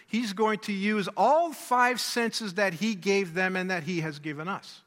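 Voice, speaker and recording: High bright-voiced man preaching in a hall. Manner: emphatic, repeats key words and asks rhetorical questions. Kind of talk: sermon.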